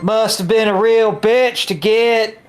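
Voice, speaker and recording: A woman voicing a laid-back middle-aged country man with a put-on Southern drawl in a fan dub of a game, slow and deadpan. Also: on the high side, soft background music.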